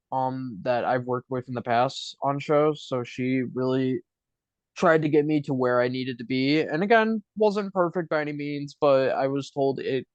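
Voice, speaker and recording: A man's voice: medium pitch, dry recording. A man with a Buffalo, New York accent, co-hosting a podcast in casual chat and hedging a lot as he talks. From Buffalo, New York, USA. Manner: rambling, hedging with lots of fillers. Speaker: podcast co-host. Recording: dry, slightly dull lo-fi sound.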